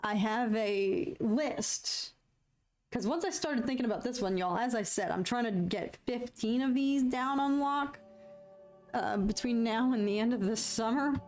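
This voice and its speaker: A woman's voice: fairly high pitch, unhurried, darkish tone, soft background music. A woman, chatting casually with her livestream viewers, laughing often and poking fun at herself. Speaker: livestream host.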